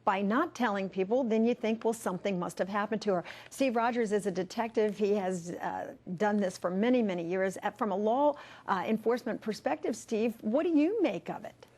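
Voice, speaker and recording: A woman talk show host with a medium-pitched voice presses her guests with probing questions. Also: moderate pace, hardly any pauses, a little mellow.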